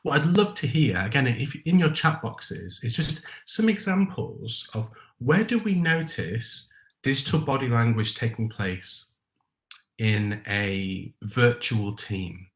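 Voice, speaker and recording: A man's voice: mid-range voice, expressive, takes it slowly, a bit bright, echoey room. A man leading a live online training webinar, reading out participants' chat answers by name, with frequent ums.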